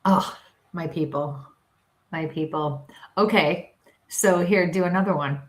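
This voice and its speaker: Woman, Western New York accent, lower pitch, chatty, laughs often, roomy echo. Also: measured pace. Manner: chatty, laughing, animated storytelling. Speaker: co-host, psychic medium. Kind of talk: casual live-stream chat.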